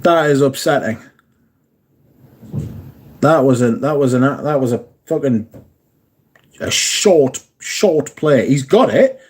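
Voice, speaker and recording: A man's voice: mid-range voice, animated, takes it slowly, pauses often, darkish tone, breathy edge. A man, hosting a casual livestream, chatting and swearing freely while answering viewers. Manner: sweary, chatty, reads viewer comments aloud. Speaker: livestream host.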